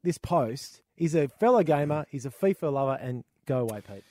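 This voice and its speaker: A man's voice: fairly high pitch, expressive, a little fast, mellow, no echo, studio quality. An Australian man co-hosting a gaming podcast, chatting casually and ranting with plenty of swearing. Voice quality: swears freely, exasperated ranting. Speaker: podcast co-host. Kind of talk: casual chat.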